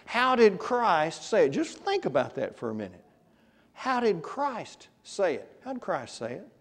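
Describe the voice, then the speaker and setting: A man's voice: high voice, huge pitch swings, measured pace, big-room sound. A man preaching a conversational sermon, often putting questions to his congregation. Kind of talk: interactive Bible class sermon. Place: church.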